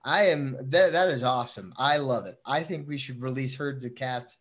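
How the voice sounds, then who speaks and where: A young man co-hosting a casual podcast, excitable and quick to swear and laugh. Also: medium pitch. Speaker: podcast co-host.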